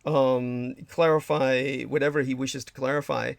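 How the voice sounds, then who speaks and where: A man's voice: medium pitch, flat delivery, a little slow, vocal fry, no echo. A man hosting a casual livestream, effusive and rambling with many fillers, reading chat messages aloud. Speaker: livestream host.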